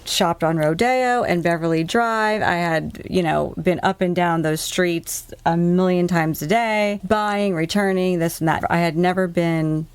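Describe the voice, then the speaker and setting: A woman from the US East Coast, telling a story as a podcast guest in a chatty, animated way and laughing often. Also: lowish voice, unhurried, few pauses, clean tone, dry recording. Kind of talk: casual storytelling.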